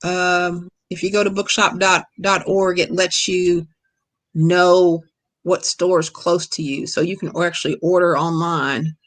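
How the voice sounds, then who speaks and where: A middle-aged woman from Kentucky with a Kentucky accent, an author answering questions over a video call in a relaxed, storytelling way. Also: lowish voice, a little slow. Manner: relaxed, storytelling, laughs easily. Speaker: guest author. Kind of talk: casual lecture Q&A.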